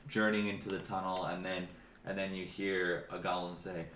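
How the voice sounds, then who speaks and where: A man's voice: sits low, little pitch movement, moderate pace, a bit bright, slight background noise. A man narrating as dungeon master, rambling with frequent restarts. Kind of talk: narrating a tabletop game. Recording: roomy echo, faint music.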